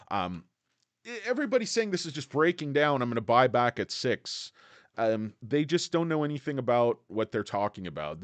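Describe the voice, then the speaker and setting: Guy on a stock livestream, blunt and jokey, mid-pitched, dry close sound. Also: clean tone, no echo. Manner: blunt, brash, jokey, greets chat viewers. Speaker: livestream host. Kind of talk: casual stock talk livestream.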